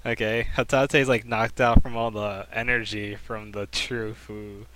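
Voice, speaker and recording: A man's voice: on the low side, level tone, a little slow, crowd noise, rough recording. A man co-hosting a casual anime podcast, asking questions and hesitating with fillers. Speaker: podcast co-host. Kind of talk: casual anime recap chat.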